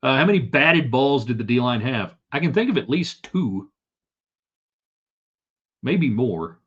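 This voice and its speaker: A man's voice: medium pitch, sing-song, unhurried, husky. A man hosting a live sports talk show, chatting casually and joking as he reads viewer comments. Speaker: sports talk show host reading chat. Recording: slightly dull lo-fi sound.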